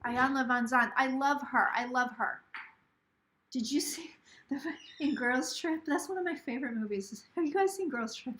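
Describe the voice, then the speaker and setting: A woman's voice: high voice, normal speed, a bit bright, echoey room, slight background noise. A woman hosting a casual live stream from home, chatty and gushing, relaying a spirit's words in quotes. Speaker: psychic livestream host. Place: home, near a kitchen.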